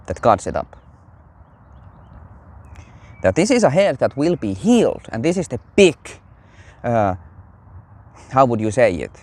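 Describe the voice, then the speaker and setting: Animated rambling man preaching casually. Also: mid-range voice. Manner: rambling, animated, many fillers. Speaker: religious commentator. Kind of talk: casual religious commentary.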